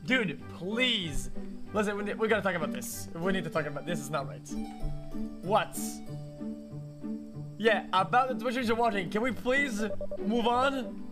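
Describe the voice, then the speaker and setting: High-voiced man joking on stream. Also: expressive, a little slow, long pauses, music in the background. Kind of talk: casual chat.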